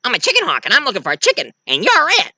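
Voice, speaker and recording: A tiny, cocky cartoon chicken hawk chirps up high, as a man puts him on. The voice is very bright and jumps sharply in pitch. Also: huge pitch swings, very fast, dry recording, exaggerated voice.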